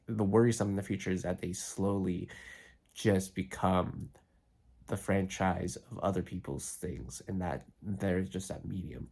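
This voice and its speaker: A man's voice: deep voice, vocal fry, a little mellow. A young man vlogging, congested and throaty, musing aloud in a meandering way full of fillers. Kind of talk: rambling reflective vlog. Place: lying on his side, later standing. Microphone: phone.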